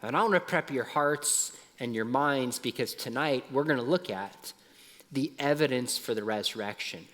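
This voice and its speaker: A middle-aged man giving a lively talk at a youth conference, dropping soft and low at emotional points. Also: normal speed, big-room sound. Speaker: conference speaker. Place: large conference hall.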